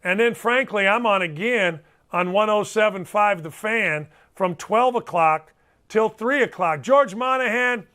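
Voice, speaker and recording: A man's voice: high voice, a little slow, pushed and bright. A middle-aged man hosting a sports talk show, talking in a blunt, emphatic way and repeating himself for effect.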